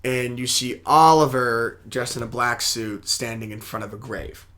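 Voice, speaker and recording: A man's voice: mid-range voice, moderate pace. Laughing man recapping a TV episode. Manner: animated plot recaps, laughs often. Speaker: podcast co-host. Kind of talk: casual chat.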